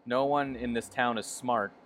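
A man's voice: medium pitch, steady tone, normal speed, a bit bright, slight background noise. A young man in casual comedic chat, trading dry, mocking jokes with frequent fillers.

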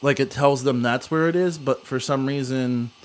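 A man's voice: mid-range voice, steady tone, normal speed. A young man telling a long story in casual chat, rambling with many fillers.

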